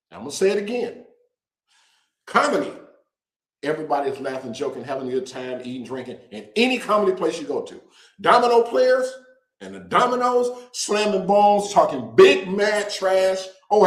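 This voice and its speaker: A man hosting a casual show, talking to viewers in an animated, joking way and drawing out words for emphasis. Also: high-pitched, reverberant, low-quality recording. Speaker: host. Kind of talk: casual direct-to-camera promo talk.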